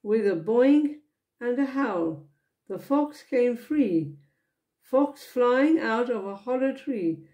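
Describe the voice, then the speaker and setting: A woman reads a children's storybook aloud to her grandchildren. Her voice sits a little high but sounds soft and mellow. She takes each line slowly and gently. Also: expressive, highs cut off. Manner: slow, gentle reading with voiced characters. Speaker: grandmother reading picture books aloud.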